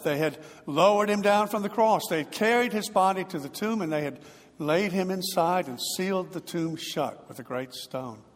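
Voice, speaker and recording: A man preaching a sermon in a slightly high voice, telling stories with big dramatic swells in volume. His words ring out with a long reverb, as in a large church. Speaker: pastor.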